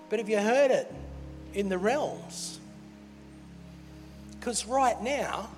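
A pastor preaching in a big church hall, his high voice carrying a long reverb tail. He speaks slowly and deliberately, playful and animated, with soft music faintly underneath. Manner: animated, playful, laughs between points. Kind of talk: sermon.

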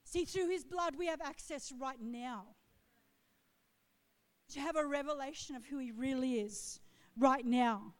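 A woman's voice: high-pitched, unhurried, pauses often. A middle-aged woman pastor preaching a sermon with impassioned, swelling declarations. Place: church auditorium. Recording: long hall reverb.

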